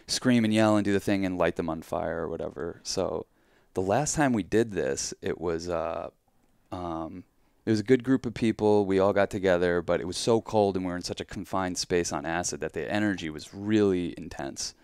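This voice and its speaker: Deep, smooth-voiced male podcast host. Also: moderate pace, darkish tone, dry recording, clean studio sound. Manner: laid-back, reacts with short interjections. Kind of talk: casual chat.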